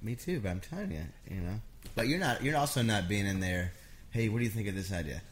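This man, a songwriter appearing as a guest, has a fairly low voice and a quick delivery. His casual storytelling is lively, full of acted-out quotes from others.

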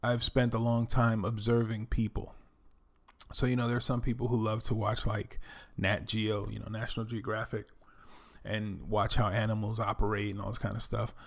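A man's voice: fairly low pitch, flat delivery, moderate pace, creaky. A middle-aged man from the Bronx with a New York accent, telling his life story in a casual, reflective monologue full of "you know" and "um". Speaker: former Air Force veteran and doctor telling his story.

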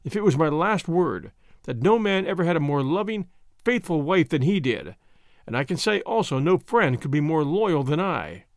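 A man's voice: fairly high pitch, big pitch swings, moderate pace, dry recording, studio quality. A man reading an audiobook, voicing a guarded man who answers questions plainly and defensively. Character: guarded, broad-shouldered male friend under questioning.

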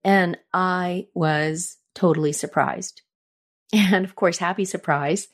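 This podcast host, a middle-aged woman, speaks slowly in a fairly low voice with a steady tone. She tells personal stories casually, chatty and reflective, and raises her voice when acting out quoted lines.

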